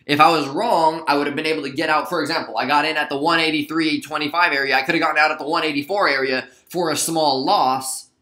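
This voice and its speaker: A man hosting a casual trading recap, chatty and relaxed, with lots of fillers and asides. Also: on the high side, quick pace, few pauses, reverberant. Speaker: stock trading video host. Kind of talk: casual screen-share trade recap.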